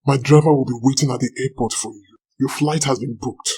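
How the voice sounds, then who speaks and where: A man's voice: medium pitch, fairly even intonation, a little fast, a little mellow, slightly rough, poor audio. A man playing a smug, manipulative married boss who blackmails his employee. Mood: coercive. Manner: smug, threatening.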